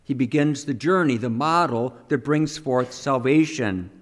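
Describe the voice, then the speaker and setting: A man's voice: mid-range voice, a little slow. A man preaching a teaching homily in a conversational way, asking the listeners questions and acting out the quotes himself.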